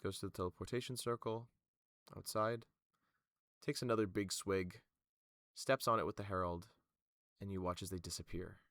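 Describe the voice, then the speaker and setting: A man narrates a tabletop game as game master, using lots of fillers and a loose delivery. His voice is fairly low. The recording is dry and close. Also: steady tone, moderate pace, long pauses, fairly bright tone, no room sound.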